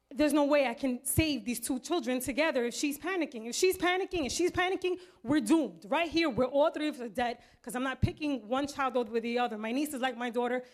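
A woman in her thirties telling a personal testimony to a congregation, earnest and vivid, acting out the voices in her story. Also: high-pitched. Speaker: church member giving testimony.

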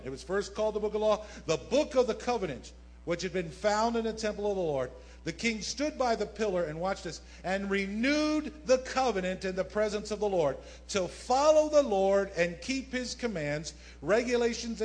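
A man preaching a sermon to his congregation as pastor, animated, with asides and quick jokes to the listeners. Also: high-pitched. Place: church sanctuary.

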